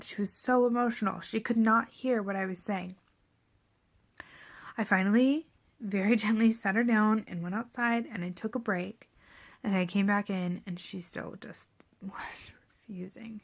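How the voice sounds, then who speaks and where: A pregnant young woman telling a parenting story to camera in a candid, reflective way, often dropping to a near whisper. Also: mid-range voice. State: seven and a half months pregnant. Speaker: parenting vlogger.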